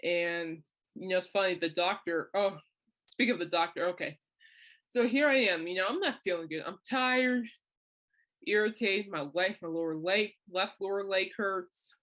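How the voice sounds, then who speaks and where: In a mid-range, slightly bright voice at a moderate pace, a middle-aged woman hosting a podcast tells a personal story in a casual monologue. She's chatty, laughing frequently and imitating the people she quotes.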